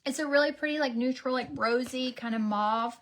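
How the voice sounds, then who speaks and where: Casting: woman in her thirties, self-mocking beauty vlogger, a touch high-pitched. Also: brisk, a bit bright, slight background noise. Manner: chatty, self-mocking, drops into whispers for asides. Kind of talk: casual get-ready-with-me chat.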